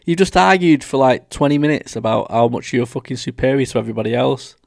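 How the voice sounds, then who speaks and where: A man's voice: medium pitch, expressive, quick pace, gravelly, darkish tone, no room sound, clean studio sound. A young British man doing casual, combative reaction commentary as a streamer, swearing a lot. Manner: brash, combative, heavy swearing.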